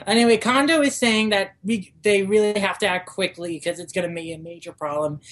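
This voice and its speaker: A young man co-hosts a podcast in a voice that sits high and sounds a bit bright. He casually recaps a manga chapter, slipping into playful character voices along the way.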